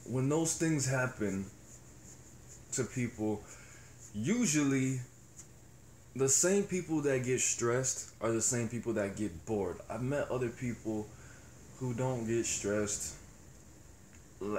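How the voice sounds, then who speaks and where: A man's voice: mid-range voice, takes it slowly, long pauses, a little mellow. Young male vlogger, reflective and foul-mouthed, recorded in a roomy space with a faint hum. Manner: rambling, profane, reflective. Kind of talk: casual monologue. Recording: echoey room with faint ambience.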